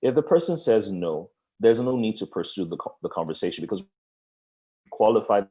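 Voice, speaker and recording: Deep-voiced man coaching over a video call. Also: moderate pace. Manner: lively, conversational, playful asides. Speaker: business coach. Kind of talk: webinar presentation.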